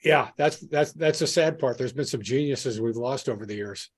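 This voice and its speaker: A man's voice: mid-range voice, normal speed, breathy edge. A man hosting a podcast, chatting in an easygoing, encouraging way. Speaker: podcast host. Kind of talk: casual interview chat.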